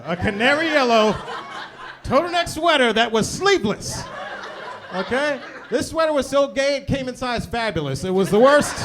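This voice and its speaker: A man in his forties performing live stand-up in a comedy club, chatting with the crowd and checking for agreement. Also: extremely high pitch. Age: 40s. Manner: conversational, asks the crowd for agreement. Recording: live club with audience laughter.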